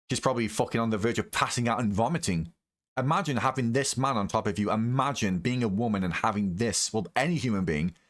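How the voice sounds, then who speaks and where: A man's voice: mid-range voice, fairly bright tone. A man doing live reaction commentary, ranting angrily and swearing heavily about the person in the clip. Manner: angry, profane ranting. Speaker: reaction video host.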